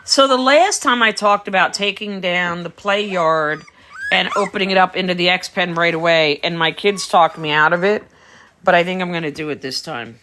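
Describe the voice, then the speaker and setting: A middle-aged woman talks casually on a livestream from her home, bright and forceful in tone with a somewhat low pitch. She explains her puppy-raising methods and answers viewers as she goes. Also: normal speed, a little hiss or hum. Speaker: dog breeder. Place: home, beside a whelping box.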